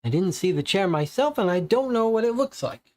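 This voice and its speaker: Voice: medium pitch, expressive, a little fast, darkish tone, pitched above the performer's own voice, close to an everyday voice. A game reader voicing a young male helper of a detective, eager, in a read-aloud board game. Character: young male street lad, eager sleuth.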